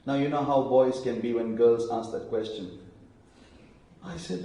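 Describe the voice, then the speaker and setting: A man preaching a sermon, telling stories and acting out quoted lines in hushed voices. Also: mid-range voice, unhurried, pauses often, a little hiss or hum. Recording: very echoey hall, voice from a distance.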